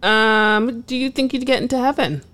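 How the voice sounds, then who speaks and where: A woman's voice: a little high, normal speed, a bit bright. A woman co-hosting a casual chat, frank and opinionated, sometimes reflective. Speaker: podcast co-host.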